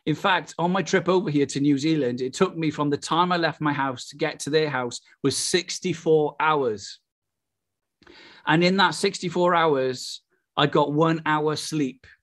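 A man's voice: on the high side, unhurried, fairly bright tone. Exuberant Welsh preacher man. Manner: exuberant, breaks into laughter and exclamations. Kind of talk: charismatic sermon.

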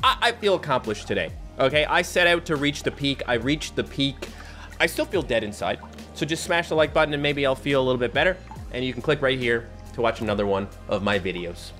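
A man's voice: mid-range voice, brisk, faint music behind. Guy rambling thru a hard game, jumpy sing-songy voice, jokes at his own expense. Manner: animated, self-mocking, talks to himself and viewers. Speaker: gaming YouTuber. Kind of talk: gameplay commentary.

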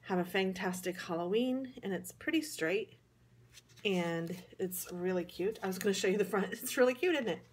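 A woman's voice: medium pitch, lively intonation, moderate pace, slight background noise. A woman from the American Midwest with a Midwestern accent, chatting casually through a card-making tutorial in a hotel room, rambling and poking fun at herself. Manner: chatty, rambling, self-deprecating. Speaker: craft vlogger.

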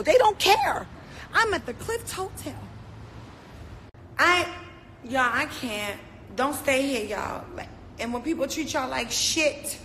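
A woman celebrity from Baltimore, USA, vents in an angry livestream from her hotel, her high, slightly bright voice full of indignation and emotion as she repeats herself into the phone. The room echoes with faint noise.

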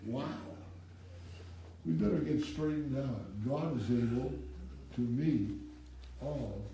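A male pastor preaching an animated sermon, reading scripture in old-fashioned wording and prompting the congregation to finish the verses, with wry asides. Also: mid-range voice, slow pace, creaky, a little hiss or hum. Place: church sanctuary with congregation. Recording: echoey room, speaker far from the mic.

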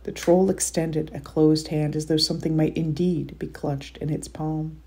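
Woman reading her kids book out loud, low husky gravelly voice, measured. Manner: expressive, measured storytelling. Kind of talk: reading aloud from a children's novel.

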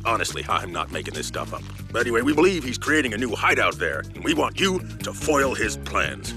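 A man playing a businesslike, deadpan spy chief giving a mission briefing in a cartoon, with music behind. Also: fairly low pitch, fairly quick, vocal fry. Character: briefing male agency boss, dry and businesslike.

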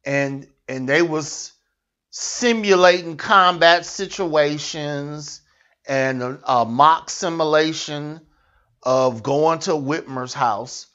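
A man's voice: a little high, slow pace, a bit bright, smooth, highs cut off. A man hosting a satirical news show, ranting with mocking sarcasm. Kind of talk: comic political rant.

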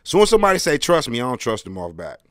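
A man's voice: mid-range voice, huge pitch swings, very fast, a bit bright, no room sound. A man hosting his own podcast, talking in a slangy, rambling solo monologue with wry, emphatic storytelling. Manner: slangy, rambling, keeps tagging "bro". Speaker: podcast host.

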